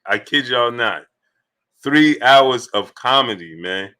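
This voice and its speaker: Guy hosting a boxing stream, real bright sharp voice, chatty, shouting out viewers. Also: mid-range voice, lively intonation, slow, clear, resonant tone. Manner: greets chat viewers by name, loose and talkative. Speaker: boxing livestream host. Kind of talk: casual livestream chat with viewers.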